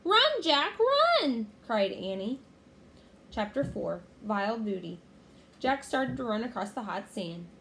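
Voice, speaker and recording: Woman narrator for a kids' storybook, steady and expressive, faint hiss behind. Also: mid-range voice, measured pace, creaky. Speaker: reader. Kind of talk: children's storybook read-aloud.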